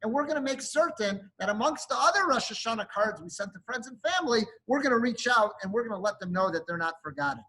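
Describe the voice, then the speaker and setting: A man, a rabbi, giving an earnest sermon to his congregation, often building to emphatic, animated peaks. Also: high-pitched, fast, hardly any pauses, low-quality recording. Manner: speaks to a congregation while showing a card.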